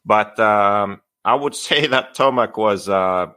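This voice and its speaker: A man co-hosting a podcast, talking in a laid-back, low-key way. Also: takes it slowly, bright, forceful tone, clean tone. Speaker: podcast co-host. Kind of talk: casual chat.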